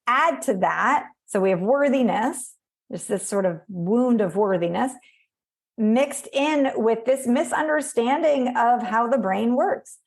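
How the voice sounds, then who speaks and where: A woman's voice: a little high, unhurried, vocal fry. Chatty woman telling stories with fillers. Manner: animated storytelling, acts out voices, many fillers. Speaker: podcast guest. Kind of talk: conversational podcast interview.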